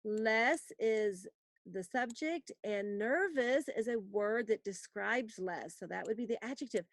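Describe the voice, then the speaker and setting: A woman's voice: mid-range voice, dry recording. Dry, patient woman teaching grammar. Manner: patient, explanatory, reads example sentences slowly for dictation. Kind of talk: recorded grammar lesson.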